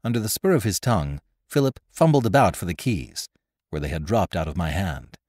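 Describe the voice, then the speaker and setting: Low-pitched guy reading an old adventure story, super animated, dry close sound. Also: a little fast, dry recording. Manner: expressive, lively reading with character voices. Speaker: narrator and host. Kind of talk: scripted storytelling narration.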